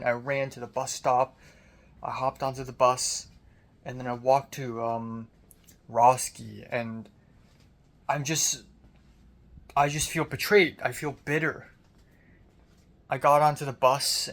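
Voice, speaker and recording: Young man with a deep, strained voice. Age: young adult. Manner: frustrated, self-critical, swears often. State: voice deep and strained after screaming. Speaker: college student vlogger. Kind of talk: casual video diary.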